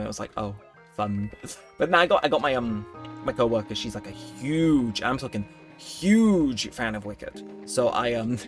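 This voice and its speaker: Chatty young man playing a game. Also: mid-range voice. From United Kingdom. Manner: chatty, self-mocking, rambling with frequent laughs and fillers. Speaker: let's play host. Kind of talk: casual gameplay commentary.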